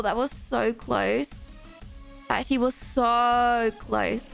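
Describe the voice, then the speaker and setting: A young woman giving excitable, self-deprecating gameplay commentary as host of a gaming channel, gasping often. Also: a little high, brisk, creaky, soft background music.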